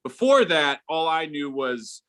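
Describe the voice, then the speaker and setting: A middle-aged man doing a stand-up comedy set, rambling and halting, with lots of fillers and restarts. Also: a little high, sing-song, a bit bright.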